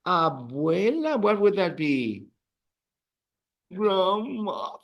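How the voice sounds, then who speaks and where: A man's voice: high voice, very animated, very slow, highs cut off. A man teaching a beginners' Spanish class in a classroom, patiently repeating words for the students to echo. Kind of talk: classroom language lesson.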